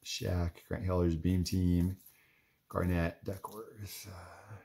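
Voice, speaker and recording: Low male voice, young adult card collector, loose rambling off-the-cuff commentary. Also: flat delivery, takes it slowly, vocal fry, warm tone. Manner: rambling and chatty, lots of "like" and "anyways". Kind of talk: casual running commentary while flipping through cards.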